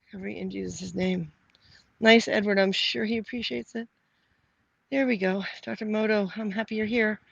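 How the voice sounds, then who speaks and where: A woman's voice: medium pitch, steady tone, normal speed, creaky, fairly bright tone, breathy edge, no echo, highs cut off. A middle-aged woman, chatting casually on a live stream while walking outdoors. She rambles, restarts often and answers viewer comments aloud. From Canada. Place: outdoors, walking to the post office.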